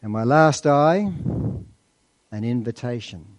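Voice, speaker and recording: A man preaching a sermon, asking rhetorical questions and slowing down to stress key points. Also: medium pitch, animated.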